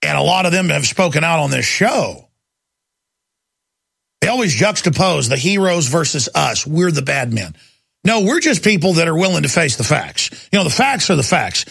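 A man's voice: fairly high pitch, sing-song, moderate pace, gravelly, a bit bright, slightly rough. A man hosting a talk radio show, ranting emphatically and hammering key words over and over.

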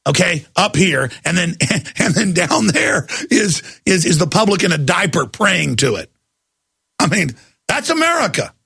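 A man's voice: high-pitched, very animated, unhurried, creaky, pushed and bright, slightly rough, dry recording, clean studio sound. A man hosting a talk radio show, ranting in a mocking, grotesque way and laughing often. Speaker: radio host taking calls.

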